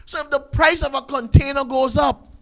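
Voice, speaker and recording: A man's voice: extremely high pitch, steady tone, normal speed, fairly bright tone, poor audio. A man, hosting a talk show and ranting through an emphatic commentary full of rhetorical questions. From Sint Maarten.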